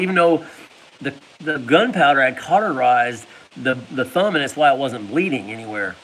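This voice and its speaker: Man, casual storytelling, laughs and sound effects, lively swinging pitch, faint hiss. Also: moderate pace, poor audio. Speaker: vlogger.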